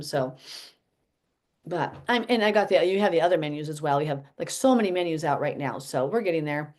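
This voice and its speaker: Chatty woman teaching, lower voice. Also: expressive, brisk, a little mellow. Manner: rambling, self-correcting, chatty. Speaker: health teacher leading a fellowship group. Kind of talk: casual teaching chat.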